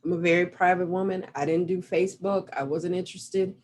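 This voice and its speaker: Earnest woman coach, lower voice. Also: steady tone, a little fast, darkish tone. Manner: earnest, reflective, guiding listeners through an exercise. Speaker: relationship coach. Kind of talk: motivational talk. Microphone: video call. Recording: faint noise over a video call.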